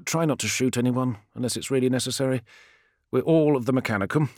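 Man voicing a calm, persuasive adept. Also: mid-range voice, no room sound, studio quality, voice pushed up, lightly acted. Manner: measured and persuasive. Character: calm, confident male tech-priest adept.

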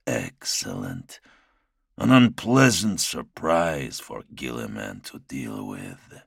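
A man voicing a brooding, half-mad male warlord prince with a slow, low, menacing delivery. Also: big pitch swings, vocal fry, slightly rough, dry recording, studio quality, full character voice. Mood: brooding menace.

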